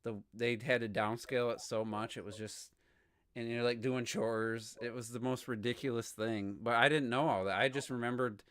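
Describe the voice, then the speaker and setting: A man co-hosting a gaming podcast, chatting casually and telling animated stories. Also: mid-range voice, moderate pace, clear, resonant tone. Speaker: podcast co-host. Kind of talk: casual chat.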